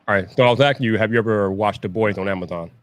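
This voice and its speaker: A man hosting a livestream, chatting casually with guests over a video call, animated and teasing, often laughing. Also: on the low side, racing, no echo. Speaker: livestream host. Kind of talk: casual chat.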